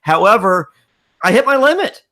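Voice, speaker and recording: A man's voice: high voice, sing-song, moderate pace, bright, forceful tone. Stammering, laughing man on a podcast. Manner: rambling, stammering storyteller who laughs often and acts out voices. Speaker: podcast guest. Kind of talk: casual podcast chat.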